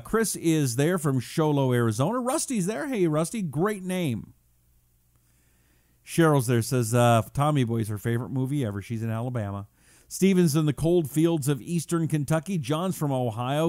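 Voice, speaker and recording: A man's voice: a little high, animated, moderate pace, darkish tone, no room sound, clean studio sound. A man hosting his own live talk show in a casual, playful, joking way, greeting his listeners. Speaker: radio and podcast host.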